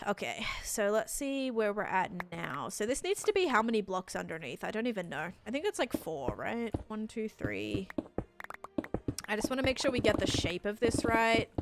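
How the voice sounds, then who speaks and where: A woman's voice: medium pitch, big pitch swings, normal speed, heavy background noise. A young woman live-streaming a game, chatting casually with viewers in a rambling way with lots of fillers. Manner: patiently over-explaining to chat. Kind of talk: casual live gameplay chat, answering viewers.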